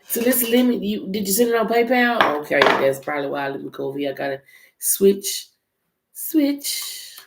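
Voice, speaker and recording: Gravelly and fast, a woman's medium-pitched voice carries a casual tarot live stream where she chats loosely, talks straight to her viewers, and swears freely. The recording has an echoey room and faint noise.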